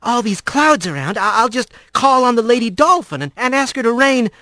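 Tense young she-creature, halting and strained, bright lifted voice, a man doing her. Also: a little high, lively intonation, no room sound, studio quality, voice pushed up. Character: young female creature, tense fire-caller.

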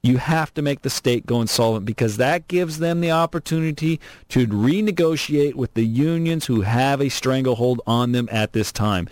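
A man hosting an opinionated political talk radio show from Southern California, animated, sarcastic and emphatic. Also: mid-range voice, normal speed, few pauses, no room sound. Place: radio studio.

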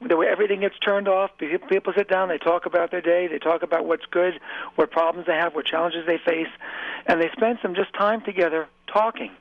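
A man's voice: high-pitched, steady tone, a little fast, creaky, no echo. A man guest speaking earnestly in a motivational interview, repeating phrases for emphasis. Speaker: author and guest. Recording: tinny phone line, dry.

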